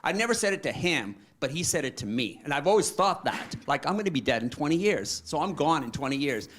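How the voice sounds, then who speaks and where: An older man in a church question-and-answer session, telling a story in a halting, rambling way and quoting his son aloud. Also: on the high side, sing-song, a bit bright, slight background noise. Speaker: congregant asking a question. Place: church meeting room.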